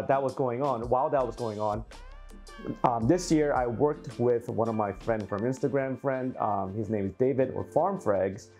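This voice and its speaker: Male vlogger, mellow tone, animated storyteller, light music bed. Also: mid-range voice. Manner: animated, acts out quotes, laughs often. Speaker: aquarium hobby YouTuber. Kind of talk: casual storytelling to camera.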